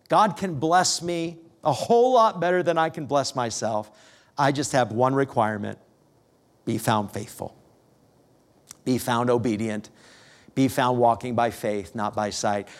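A middle-aged man preaching a sermon as a pastor, telling a family story with gentle humor and lively rises and falls. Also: medium pitch. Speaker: pastor becoming missionary.

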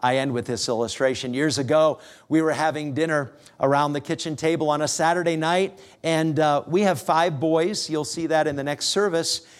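A middle-aged man preaching a sermon as a pastor, telling a family story with gentle humor and lively rises and falls. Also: fairly high pitch, moderate pace, few pauses. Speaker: pastor becoming missionary.

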